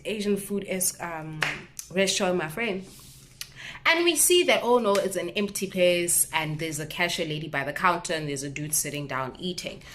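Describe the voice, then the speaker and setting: A young South African woman in her twenties talking to camera in a casual vlog, telling stories in an animated, indignant, expressive way. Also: medium pitch. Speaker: vlogger.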